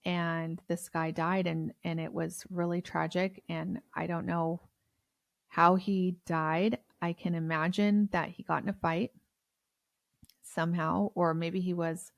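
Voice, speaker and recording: Podcast co-host: woman, low gravelly voice, blunt and chatty, dry close sound. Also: level tone, a little slow, no echo. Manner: blunt and chatty, swears freely. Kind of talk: casual true-crime chat.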